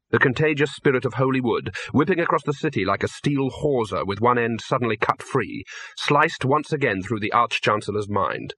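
A man reading an audiobook in a measured, dry storytelling manner. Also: medium pitch, lively intonation, a bit bright, husky, no echo. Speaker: narrator. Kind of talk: audiobook narration.

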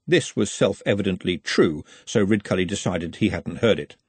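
A man narrating an audiobook in a dry, measured storytelling manner. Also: low voice, animated, husky, dry recording.

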